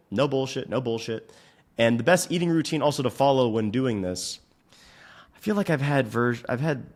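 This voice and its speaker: A man hosting a fitness podcast, giving blunt, profane advice in a casual way and venting at his software. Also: lowish voice. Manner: profane, frustrated rants; blunt, rapid instructions. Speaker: fitness coach and podcast host.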